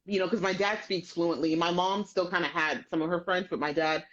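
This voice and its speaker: A woman's voice: fairly low pitch, brisk. A woman hosting a casual podcast chat, telling stories with lots of laughter. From United States. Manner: animated storyteller, laughs often. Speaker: podcast host. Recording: dull lo-fi audio.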